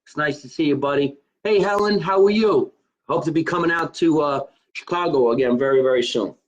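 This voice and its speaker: A man's voice: on the high side, brisk, dull audio. A man hosting his own live stream, chatting casually and joking in a rambling way. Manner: chatty, rambling, joking about being Italian. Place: his home.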